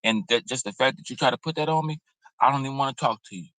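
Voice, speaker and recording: A man's voice: mid-range voice, fast, fairly bright tone, dry recording, rough recording. A man giving blunt, preachy, streetwise commentary in a casual reaction video, cursing freely. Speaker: commentary host.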